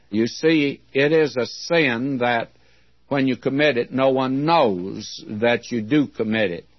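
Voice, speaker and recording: A man preaching a sermon, reading scripture with deliberate emphasis. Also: medium pitch, dry recording. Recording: dull, dry lo-fi recording.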